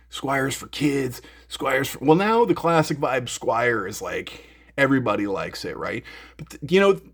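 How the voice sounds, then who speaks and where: A middle-aged man with a medium-pitched, slightly mellow voice hosts a music gear news show from his home music room. He chats casually, rambling and joking, full of fillers and restarts.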